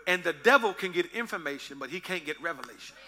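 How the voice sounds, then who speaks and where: Male pastor, high voice, AAVE, playful sermon delivery with sung bits. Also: expressive, fast, pushed and bright. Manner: playful, joking with the congregation, singing in bits.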